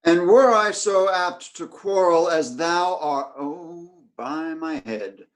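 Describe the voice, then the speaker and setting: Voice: medium pitch, slow, natural voice, low-quality recording. An actor playing hesitant Benvolio. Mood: worried. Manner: hesitant, bemused. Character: peace-seeking young male Benvolio.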